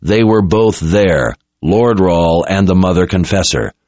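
A man's voice: sits low, animated, a little slow, a little mellow, no room sound. A man voicing a haughty, arrogant male sorcerer who drawls his words. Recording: dull lo-fi recording.

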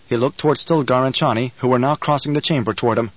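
A man reading an audiobook in measured, even scripted narration, on a dull lo-fi recording. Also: mid-range voice, no echo.

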